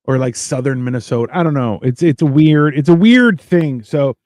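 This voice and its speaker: A man's voice: medium pitch, moderate pace, a little mellow, no room sound. A Canadian man talks through a casual podcast in a rambling, joking way. He often slips into little acted-out bits of other people. The sound is dry and close, with no room around it. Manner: rambling, joking, acts out quoted voices. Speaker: podcast co-host.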